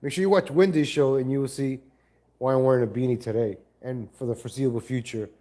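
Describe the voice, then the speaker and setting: A man's voice: medium pitch, fairly even intonation, fast, dark tone. A man hosting a casual live stream from home on a laptop mic, rambling and correcting himself as he greets viewers. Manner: rambling, self-correcting, chats to viewers and cat.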